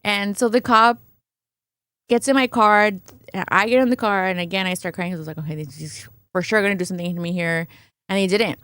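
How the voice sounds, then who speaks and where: A woman guest on a podcast talks a little fast in a smooth, mid-range voice over a dry recording. Her conversational storytelling is animated: she acts out what people said about her personal experience and often adds the filler "right?".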